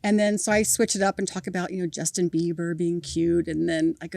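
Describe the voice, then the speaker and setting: Woman, middle-aged, animated storyteller, podcast guest, dry sound. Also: lowish voice, fairly quick, vocal fry, hardly any pauses, no room sound. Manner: animated storyteller, acting out voices with laughter. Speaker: podcast guest, mother of a cancer patient. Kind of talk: storytelling in an interview.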